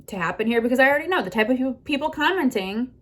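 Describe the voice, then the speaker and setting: A woman's voice: high voice, lively intonation, racing, fairly bright tone. Heated profane woman ranting in her car. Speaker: content creator. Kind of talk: ranting to camera. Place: inside a car.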